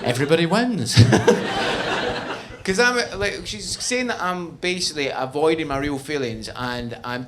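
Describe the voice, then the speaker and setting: A Scottish man doing stand-up comedy, telling self-deprecating stories with animated delivery. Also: a little high, slight background noise. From Scotland.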